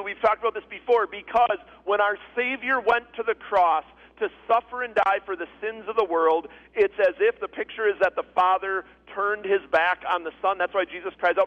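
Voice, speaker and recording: A pastor delivers his sermon in a high, earnest man's voice, circling back to repeat key phrases for weight. The recording is dull and lo-fi, like a modest church capture. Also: steady tone, normal speed, few pauses, a bit bright.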